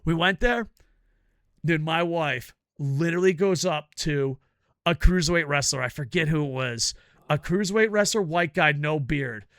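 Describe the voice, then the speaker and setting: A man hosting a casual video review, ranting loudly and profanely in bursts of excitement. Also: fairly high pitch, normal speed, no echo, clean studio sound. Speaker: wrestling reviewer and show host.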